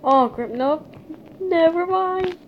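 A woman's voice: extremely high pitch, slow pace, muffled recording, slight background noise. A frightened woman commenting on a horror game as she plays, jittery and laughing nervously. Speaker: gamer.

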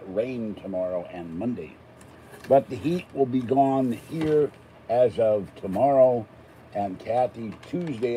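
A man's voice: fairly low pitch, mellow, slight background noise, low-quality recording. An older man from Pittsburgh, chatting casually and rambling between topics as he unboxes an item. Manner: chatty, digressive, self-deprecating asides. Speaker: unboxing vlogger.

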